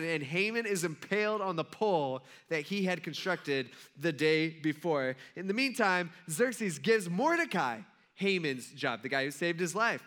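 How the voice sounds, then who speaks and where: Bright-voiced, joking male pastor. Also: high voice, expressive, moderate pace. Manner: conversational, humorous storytelling. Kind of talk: sermon.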